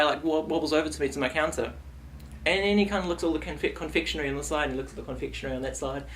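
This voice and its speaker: A man's voice: a little high, quick pace. A young man telling a silly comic story in a vlog, rambling and playful. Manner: rambling, playful, animated retelling. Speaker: vlogger.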